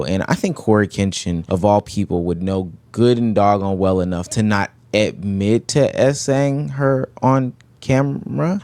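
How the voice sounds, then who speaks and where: A man hosting a commentary video, talking in a measured, frank and opinionated way. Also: fairly low pitch, a little mellow, dry recording. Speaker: commentary host. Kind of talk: scripted commentary.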